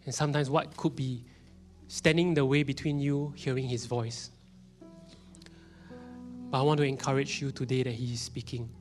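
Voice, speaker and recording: A man's voice: mid-range voice, moderate pace, pauses often, faint music behind. A man in his thirties with a Singaporean English accent, preaching a sermon in a church and now and then dropping his voice to a whisper for emphasis. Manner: animated, drops into whispers for emphasis. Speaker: pastor. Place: church hall.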